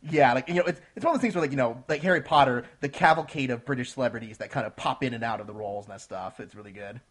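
A man co-hosting a casual film review chat, talking in an excitable, animated way and often laughing. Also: mid-range voice, rapid-fire. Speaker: podcast co-host reviewing films.

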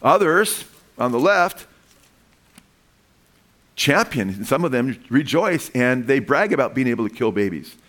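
A man preaching a sermon in a loose, conversational way, often restarting phrases and building to excited emphasis. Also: medium pitch, measured pace, long pauses. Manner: animated and conversational, with frequent restarts and rising emphasis. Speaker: pastor.

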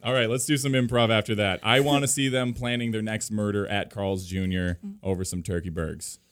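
A man with a low voice runs improv comedy scenes as host. He calls the cuts and gives out points. His tone is upbeat and he laughs often. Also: steady tone, a little fast, a bit bright, clear, resonant tone.

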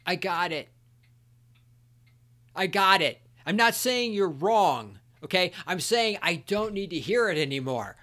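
Bright-voiced man ranting angrily. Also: sits high, sing-song, measured pace. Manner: angry, profane ranting, sometimes shouting. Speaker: podcast host. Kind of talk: solo podcast rant.

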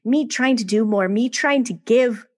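A woman in her thirties telling her own story as a podcast guest, candid and emotional, often laughing between quick bursts of talk. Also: fairly high pitch, darkish tone.

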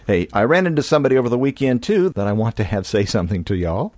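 A man's voice: medium pitch, sing-song, quick pace, a little mellow, no echo. A man from California hosting a podcast in a casual, rambling monologue with many restarts. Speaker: podcast host.

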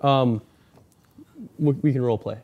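A man's voice: medium pitch, unhurried, highs cut off. A young man hosting a casual podcast, telling a story in a rambling way and acting out the people in it. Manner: rambling storyteller, acts out quoted people in a raised voice. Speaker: podcast host. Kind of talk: casual chat.

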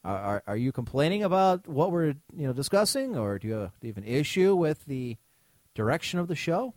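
Man, podcast co-host, casual ranting chat, swears a lot, lively swooping pitch, dry close sound. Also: fairly quick, no room sound.

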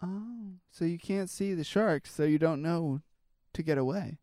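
A man's voice: on the high side, measured pace, mellow, no echo, studio quality. A man co-hosting a casual chat, reacting to news stories in a rambling, talkative way with lots of fillers. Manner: rambling, chatty, trails off and restarts with fillers. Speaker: podcast co-host.

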